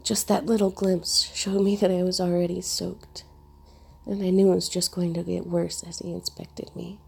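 A woman narrating a first-person story in a soft, hushed, intimate reading. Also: lowish voice, little pitch movement, moderate pace, gravelly, slightly rough.

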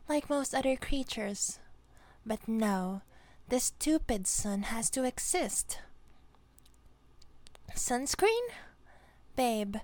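Girl doing a clingy vampire gf, giggly n teasing, kinda high voice, super slow and dry. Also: vocal fry, no echo, heavily acted. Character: young female vampire girlfriend, clingy and playful. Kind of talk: audio role-play to a listener.

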